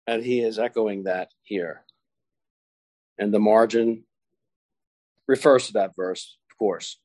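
A man preaching a slow, deliberate sermon. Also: lowish voice, fairly even intonation, darkish tone, no room sound. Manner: slows down and stresses key phrases when quoting scripture.

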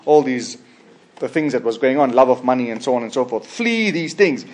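A man preaching a sermon as a pastor, emphatic, with sudden loud high bursts, quiet trailing endings and frequent restarts. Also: fairly even intonation, brisk. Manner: frequent restarts and repeated words. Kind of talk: expository sermon.

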